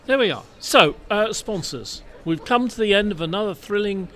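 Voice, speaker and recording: A man's voice: sits high, animated, moderate pace, sharp tone. A man hosting a podcast panel, playful and wordy, joking in casual chat. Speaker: podcast host. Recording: crowd noise behind.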